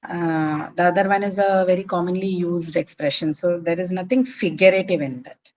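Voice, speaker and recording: A woman teaching English literature lectures her class, patiently explaining figures of speech and checking that students follow along. Her voice is fairly low and a little mellow, with fairly even intonation and a moderate pace, in a rough recording.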